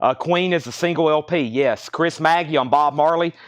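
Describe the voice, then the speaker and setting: Brisk man selling records live. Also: a little high. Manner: brisk, chatty auctioneer-style listing of prices. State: slightly choked, coughing. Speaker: livestream record seller. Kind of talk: live sales stream. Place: indoor record shop.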